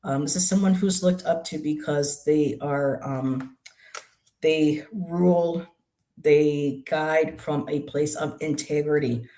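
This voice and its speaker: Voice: medium pitch, fairly even intonation, takes it slowly, warm tone. A tarot reader on a live stream who explains each card in a musing, hesitant way, with many ums and restarts. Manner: explains card meanings aloud.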